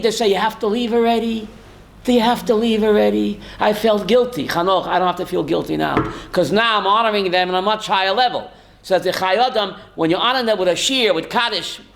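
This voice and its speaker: A man's voice: high voice, gravelly. An older man, a rabbi, giving a holiday sermon who puts questions to the congregation and answers them himself, telling stories with emphatic swings. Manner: storytelling, swings from soft to emphatic.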